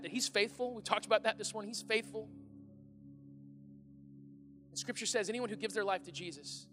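A man in his thirties preaching a casual, animated sermon to a congregation in a large church. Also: sits high. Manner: animated and conversational, shouting at times. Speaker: pastor. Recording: echoey hall with faint music.

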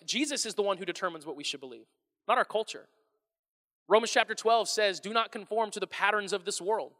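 A man preaching a sermon as pastor, animated and conversational, often restarting his phrases. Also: high voice, long reverb tail.

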